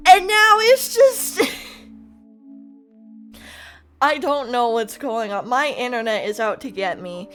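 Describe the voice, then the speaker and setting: A woman's voice: fairly high pitch, lively intonation, slow pace, pauses often, fairly bright tone, soft background music. A woman streamer chatting live to her viewers, anxious and close to tears, rambling and laughing nervously. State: on the verge of tears. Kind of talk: casual live-stream chat.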